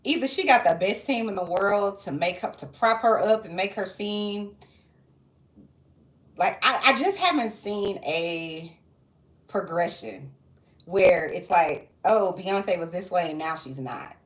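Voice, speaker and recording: Chatty woman vlogging, rambling off on tangents, mid pitch, room echoes around her. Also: animated, unhurried. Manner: rambling, chatty, jumps between asides. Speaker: social worker and vlogger. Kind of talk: casual chat.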